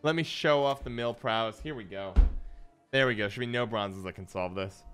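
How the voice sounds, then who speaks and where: A man's voice: lowish voice, normal speed, a bit bright, faint music behind. A man streaming a card game, chatting playfully with his viewers and answering chat as he plays. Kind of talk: casual live-stream gameplay commentary.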